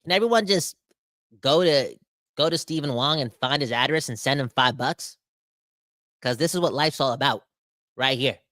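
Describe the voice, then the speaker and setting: A man hosting a sports podcast, ranting with animated, emphatic exasperation. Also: mid-range voice, moderate pace, pauses often, dry recording, studio quality. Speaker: podcast host.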